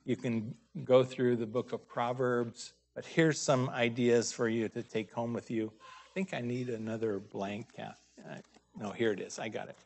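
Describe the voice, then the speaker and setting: A man preaching a sermon, pausing often and raising his voice to stress scripture readings. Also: mid-range voice, fairly even intonation, vocal fry, darkish tone.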